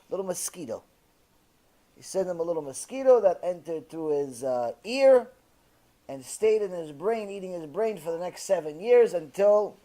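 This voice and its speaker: A man's voice: sits high, mellow. A man preaching as a rabbi, retelling a story with passion and frequent fillers. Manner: impassioned, many fillers. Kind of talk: sermon storytelling.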